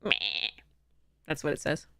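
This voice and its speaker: A woman's voice: unhurried, bright, forceful tone. Rambling woman streamer with many ums. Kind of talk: casual live-stream chat.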